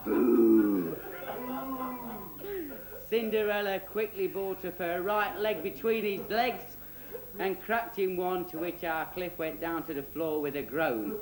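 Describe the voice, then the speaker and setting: Bloke reading a rude kids' story, cheeky and giggly, echoey room. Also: male voice, fairly high pitch. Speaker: presenter and storyteller. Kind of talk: comic spoof children's story. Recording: roomy echo.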